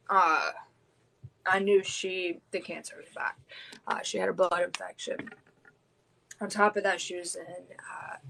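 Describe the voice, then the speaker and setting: A woman's voice: on the low side, gravelly, fairly bright tone, poor audio. A woman, hosting a podcast and telling a personal story in a raw, blunt way, swearing heavily. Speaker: podcast host.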